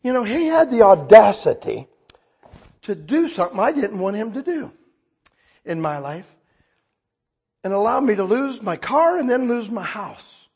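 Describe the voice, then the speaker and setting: A man in his sixties giving an emotional, humorous personal testimony, swinging from hushed reverence to excited shouting. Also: sits high, measured pace, gravelly, pauses often, breathy edge.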